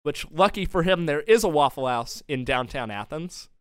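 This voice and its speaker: A young man co-hosting a casual podcast, telling a rambling story with lots of laughs. His voice sits a little high and sounds smooth and clean. The close mic gives a dry, tight sound. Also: moderate pace, dry recording. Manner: animated storyteller, often laughing. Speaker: podcast co-host. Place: home studio.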